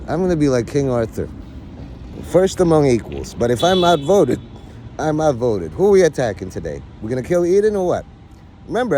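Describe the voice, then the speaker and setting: A middle-aged man holds a casual livestream rant, swearing freely and bossing his viewers around in jest. His voice is mellow and dark in tone, yet his pitch swings widely as he rambles. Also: slight background noise. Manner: profane, rambling, mock-bossy toward viewers.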